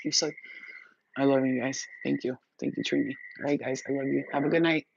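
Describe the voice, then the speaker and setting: A woman's voice: rumbling low, fairly even intonation, brisk, vocal fry, husky. Blunt, swearing woman chatting to viewers. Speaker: spiritual reader and vlogger. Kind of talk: casual chat to viewers. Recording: dull lo-fi audio.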